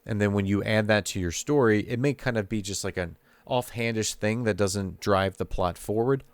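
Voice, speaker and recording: A man's voice: fairly low pitch, moderate pace, smooth, no room sound. A man hosting a podcast, talking casually and thinking aloud about his fiction writing. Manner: relaxed, thinking aloud, easygoing. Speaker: podcast host and fiction writer.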